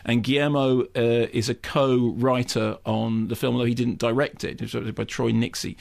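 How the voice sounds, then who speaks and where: A man reviewing a film in a radio studio. He talks animatedly, restarting sentences and repeating words as he builds an argument. His voice is mid-pitched with a gravelly fry. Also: level tone, moderate pace, darkish tone. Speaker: film critic.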